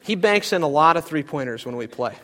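A man's voice: a little high, lively intonation, brisk, pushed and bright, some chatter behind. A young adult man preaching a sermon, telling stories with animation and acting out other people's voices. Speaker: pastor.

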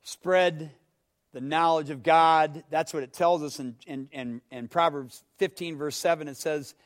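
A man preaching a sermon, swinging from hushed phrases to loud, emphatic ones and asking his listeners questions. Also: fairly high pitch, steady tone, normal speed.

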